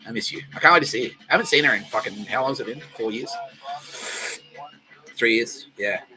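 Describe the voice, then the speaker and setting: A man's voice: medium pitch, fairly quick, over music, rough recording. A man hosting his own podcast in a rambling, profane monologue, often laughing and sometimes dropping to a mutter. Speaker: podcast host.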